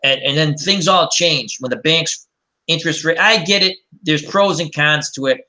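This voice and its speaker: A man's voice: on the high side, normal speed, pushed and bright. A man hosting a casual chat and telling rambling, anecdotal stories. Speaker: host.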